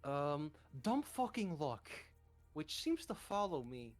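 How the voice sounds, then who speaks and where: A man's voice: fairly high pitch, big pitch swings, slow pace, soft background music. A man playing a brash young male adventurer in his own voice, blunt and swearing. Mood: casual.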